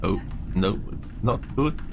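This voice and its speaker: Nervous gravelly man streaming a horror game. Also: on the low side, animated, a little slow. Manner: nervous, calling out to ghosts, chatty. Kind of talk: horror game let's play. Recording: noisy stream audio.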